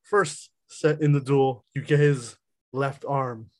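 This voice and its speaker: A man's voice: mid-range voice, steady tone, slow pace, a little mellow. A man running a tabletop role-playing game as game master, laughing often and restarting his lines.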